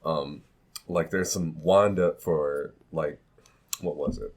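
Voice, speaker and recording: Man, podcast co-host, very deep voice, laid-back casual chat, dry quips. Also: steady tone, takes it slowly.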